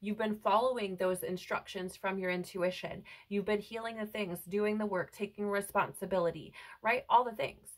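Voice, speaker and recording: A woman's voice: mid-range voice, fairly even intonation, normal speed, few pauses, low-quality recording. A woman giving a spiritual tarot reading to her viewers, earnest and reassuring, often checking in with "right?". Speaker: tarot reader. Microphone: headphones on, close mic.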